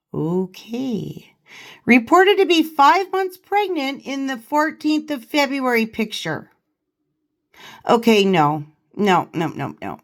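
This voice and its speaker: A woman vlogger in casual commentary, giggly and laughing often as she reads and reacts. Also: on the high side. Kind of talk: casual commentary reading a parody.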